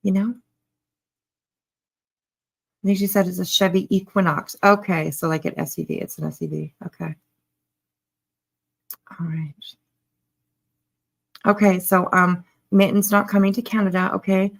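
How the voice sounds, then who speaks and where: Woman streamer with a gravelly edge, sarcastic and chatty. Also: medium pitch, steady tone, moderate pace, pauses often. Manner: sarcastic, chatty, greets viewers. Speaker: commentary streamer. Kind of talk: casual live commentary.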